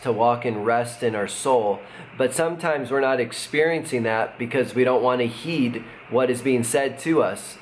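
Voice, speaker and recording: A middle-aged man, a pastor, giving a casual devotional talk in a relaxed, conversational way, with fillers and chuckles. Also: mid-range voice. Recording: faint background noise.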